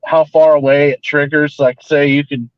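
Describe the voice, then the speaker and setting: A man chats as a guest on a panel, halting often and filling his sentences with "like" and "uh." His voice is dry and close, with a dull, lo-fi video call sound. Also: fairly high pitch, little pitch movement, no room sound. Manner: hesitant, fills with "like" and "uh". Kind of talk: casual panel chat.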